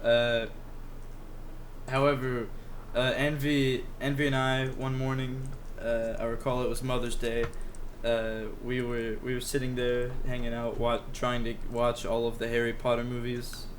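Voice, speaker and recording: A man's voice: medium pitch, little pitch movement, unhurried, a little hiss or hum. A man co-hosting a casual podcast among friends, telling a meandering story and swearing casually. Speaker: podcast co-host.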